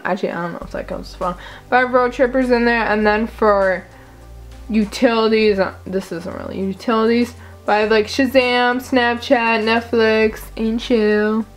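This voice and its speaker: A young woman vlogging casually, goofy and chatty, often laughing at herself. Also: mid-range voice. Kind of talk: casual chat.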